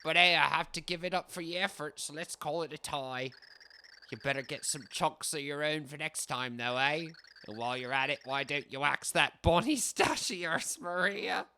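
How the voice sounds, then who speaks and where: A man's voice: high-pitched, measured pace, sharp tone, a little hiss or hum, pitched above the performer's own voice, exaggerated voice. A man voicing a big, boastful bearded warrior in a hammy, put-on mock Irish accent, reading lines from a video game. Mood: gruff.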